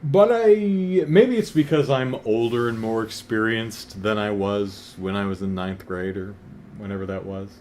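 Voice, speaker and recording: A comic book reviewer in his thirties talks casually on a vlog, wry and self-deprecating, at times building to exasperated emphasis. His voice is fairly low with a darkish tone and a slightly slow pace.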